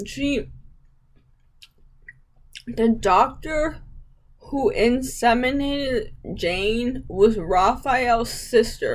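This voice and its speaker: A woman's voice: fairly high pitch, rough recording. A young woman chatting casually to camera as a vlogger, rambling with lots of "like" and casual swearing.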